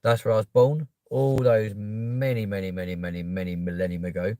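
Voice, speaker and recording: A young man with a London accent hosting a live stream, chatting casually and cheekily with viewers and bursting into loud pleas to subscribe. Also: lowish voice, level tone, fairly quick, slight background noise. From England. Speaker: livestream host. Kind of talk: casual live chat reading comments.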